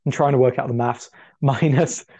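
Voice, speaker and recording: A man's voice: medium pitch, steady tone, moderate pace, mellow, slightly rough. A man co-hosting a casual podcast chat, talking chattily and laughing often. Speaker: podcast co-host. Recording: dull lo-fi audio.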